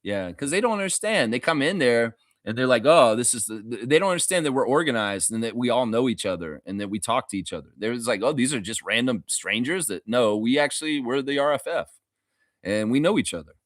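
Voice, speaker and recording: A man's voice: mid-range voice, fast, dry recording, clean studio sound. A man hosting a fan livestream, chatting casually and animatedly with his viewers, cursing now and then. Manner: animated, profane, talks to chat viewers. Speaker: fan show host.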